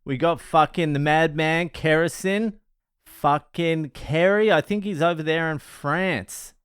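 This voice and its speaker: Man, sweary self-mocking vlog rant, smooth clear voice, dry close sound. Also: fairly high pitch, fairly even intonation, moderate pace, fairly bright tone, no echo. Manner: sweary, ranting, laughs at himself. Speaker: comedian and first aid trainer. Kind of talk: casual vlog monologue.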